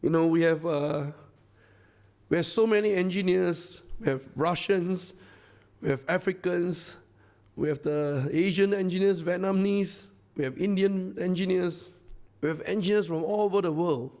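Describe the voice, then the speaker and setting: A man's voice: high-pitched, moderate pace, a little mellow. A man with a Singaporean English accent, a company founder giving an effusive, repetitive live stage speech that rallies the crowd. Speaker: company founder addressing a masterclass audience.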